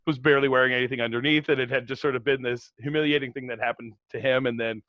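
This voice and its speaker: A man's voice: mid-range voice, steady tone, fast talker, no echo, dull audio. A man co-hosting a podcast, chatting casually and recapping a wrestling show with plenty of fillers and easy laughs. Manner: laid-back, lots of fillers and laughs. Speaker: podcast co-host.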